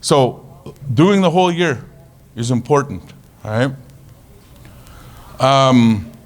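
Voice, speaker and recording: Male presenter, relaxed and humorous, tells stories to a crowd at an average pitch. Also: slow. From Canada. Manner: casual, joking, animated storytelling. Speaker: conference presenter. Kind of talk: conference talk.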